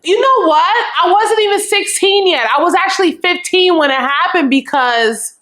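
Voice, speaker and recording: A young adult woman vlogger telling a storytime in a frank, animated and profane way, acting out what people said. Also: very high-pitched, normal speed. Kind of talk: casual storytime.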